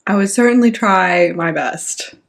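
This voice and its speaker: A woman co-hosting a podcast in casual chat, chatty and quick to laugh. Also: mid-range voice, gravelly. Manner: giggly, chatty. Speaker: podcast co-host, student pilot.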